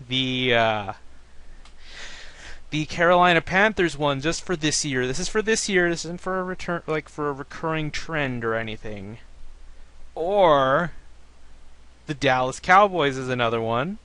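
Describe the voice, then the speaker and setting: A man's voice: a little high, measured pace, pauses often, clean tone, dry recording. A man hosting a casual sports talk show, ranting about fans with plenty of swearing. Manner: ranting, profane, animated. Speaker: podcast host.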